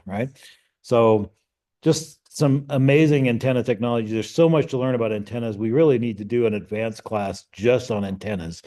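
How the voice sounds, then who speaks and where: A man's voice: medium pitch, a little mellow. A middle-aged man teaching an amateur radio class, explaining step by step in a conversational way and checking in with "okay?" and "right?". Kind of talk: classroom lecture.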